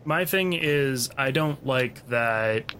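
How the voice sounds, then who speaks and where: A man's voice: medium pitch, slow pace, fairly bright tone. Wry male podcaster, faint hiss. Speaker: podcast host. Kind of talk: casual chat.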